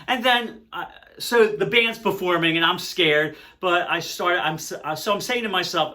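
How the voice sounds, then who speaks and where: An older man with a bright, forceful voice tells a personal story straight to camera. He talks casually and animatedly, getting loud when excited and dropping to a hush when things turn grim. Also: fairly high pitch, a little slow. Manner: animated, swings between loud excitement and hushed dread. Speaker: music vlogger.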